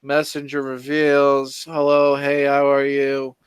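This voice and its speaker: A man co-hosting a casual podcast livestream, speaking slowly with many hedges and reading viewer comments aloud. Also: mid-range voice, completely flat delivery, clear, resonant tone, no room sound. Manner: slow, hedging, reads chat comments aloud. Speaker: podcast co-host.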